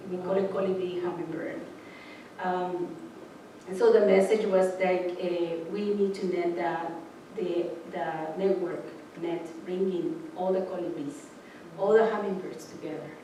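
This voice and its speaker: A woman's voice: lowish voice, normal speed, slight background noise. A woman speaking influenced English gives an informal sermon, telling spiritual stories and acting out voices with laughs. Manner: animated storyteller, acts out voices with laughs. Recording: echoey room from far off.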